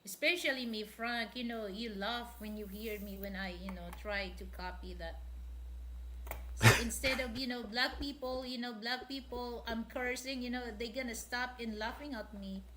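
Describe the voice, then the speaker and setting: A woman with a Filipino accent, a native Tagalog speaker, chatting casually in a slow, halting way with many fillers and frequent laughs. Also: fairly high pitch, sharp tone, a little hiss or hum. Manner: laughs often. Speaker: co-host. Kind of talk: casual chat.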